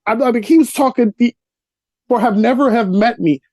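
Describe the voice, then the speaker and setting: Speaking at a normal speed on a video call from a cluttered apartment room, a Brooklyn-born actor and comedian spins stories for a casual interview. His voice is mellow and dark, the sound dry with no echo or room around it. He animatedly acts out the people in his tales, his pitch jumping higher as he does.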